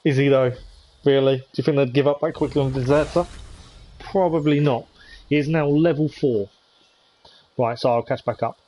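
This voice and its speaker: A man's voice: medium pitch, steady tone, moderate pace, long pauses, mellow. A man streaming a game live, chatting casually with viewers in a hesitant way with many ums. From United Kingdom. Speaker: gaming streamer.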